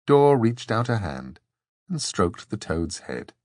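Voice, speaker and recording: A man narrating an audiobook in a measured, expressive way. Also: on the low side, no room sound, clean studio sound.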